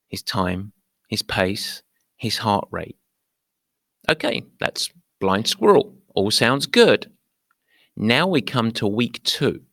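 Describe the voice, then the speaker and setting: A man hosting a running podcast, telling a coaching story with lively asides to his listeners. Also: medium pitch, no room sound, studio quality. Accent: not American. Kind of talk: podcast monologue.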